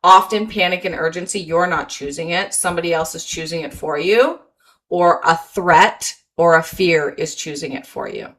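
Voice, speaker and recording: A woman's voice: on the low side, normal speed, fairly bright tone. A woman presenting a motivational webinar, encouraging and repeating key phrases, reading chat comments aloud over a video call.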